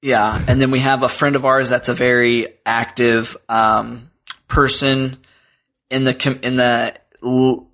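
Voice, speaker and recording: A man's voice: mid-range voice, flat delivery, measured pace, fairly bright tone. A man chatting casually as a podcast guest, rambling with lots of fillers and restarts. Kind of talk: casual chat.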